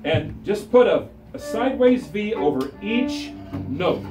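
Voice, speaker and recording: A man's voice: sits high, very animated, a little slow, music in the background. A man teaching a string class, drilling terms with call-and-response and counting the players in. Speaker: music teacher. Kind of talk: classroom instruction. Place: school music room with string ensemble. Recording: echoey room, recorded from far off, strings playing.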